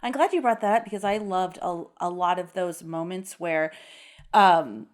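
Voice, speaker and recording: Animated woman swearing through a movie chat. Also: fairly low pitch, normal speed. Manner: animated, swears freely, laughs while talking. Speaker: podcast host.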